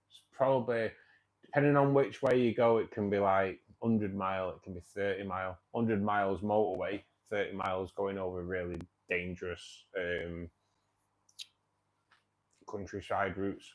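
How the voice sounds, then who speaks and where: Chatty man, lowish voice. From England. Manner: rambling, chatty, lots of fillers and restarts. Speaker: fishkeeping club host. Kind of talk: casual live-stream chat.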